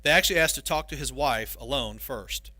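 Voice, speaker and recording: A male pastor giving a sermon, telling stories with animated, self-mocking humor. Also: medium pitch, fairly quick, no room sound.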